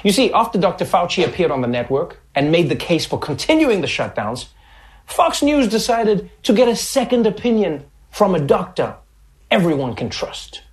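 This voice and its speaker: A man's voice: high voice, very animated, moderate pace. A man hosting a comedy show, delivering a sarcastic satirical news monologue.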